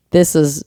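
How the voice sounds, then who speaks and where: A woman co-hosting a podcast, chatting casually about a film with quick interjections and frequent laughs. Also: warm tone, no room sound, studio quality. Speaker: podcast co-host. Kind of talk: casual movie chat.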